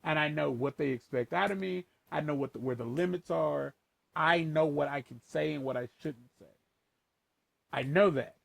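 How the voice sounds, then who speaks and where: A man talking casually and rambling with lots of profanity, shifting between a playful voice and a lower, more formal one. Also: moderate pace, vocal fry, no room sound. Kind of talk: casual chat.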